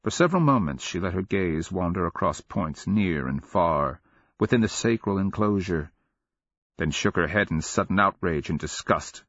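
A man narrating a fantasy audiobook in a steady, measured storytelling manner. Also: low voice, no room sound, muffled recording.

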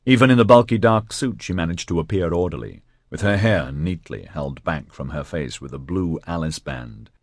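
Male narrator for an audiobook, very low voice, measured, dry close mic. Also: no room sound. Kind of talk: scripted narration.

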